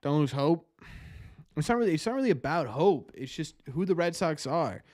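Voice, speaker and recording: A young man with a higher, darkish voice and big pitch swings talks fairly quickly while hosting a game-commentary live stream. Reading chat to viewers, he rambles in exasperated bursts with many restarts, recorded at studio quality without echo.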